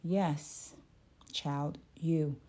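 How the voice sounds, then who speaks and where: Storybook shopkeeper, kindly older woman, soft and reassuring, read by a woman. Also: low-pitched, steady tone, very slow, exaggerated voice. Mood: gentle. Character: kind older woman shopkeeper, former teacher.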